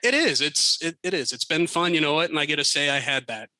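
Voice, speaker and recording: An American man in middle age, a podcast guest telling funny stories in a casual, animated way with bursts of laughter. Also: on the high side, fast, no echo, poor audio. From United States. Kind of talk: casual storytelling.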